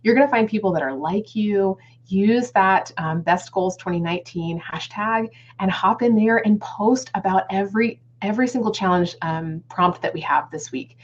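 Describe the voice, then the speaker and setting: A woman's voice: mid-range voice, moderate pace, few pauses. A woman in her thirties giving an upbeat motivational talk on a live webinar, speaking to viewers as friends. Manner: enthusiastic, addresses viewers as friends and guys. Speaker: guest speaker on goal setting. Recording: slightly dull lo-fi webinar audio.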